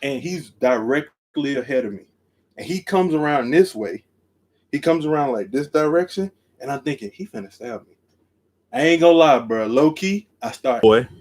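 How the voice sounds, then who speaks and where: A man telling a story on a live stream, acting out each line and jumping from quiet to loud, seated at his desk camera. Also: expressive, moderate pace. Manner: acts out every quote, jumps from low to loud. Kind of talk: animated storytelling.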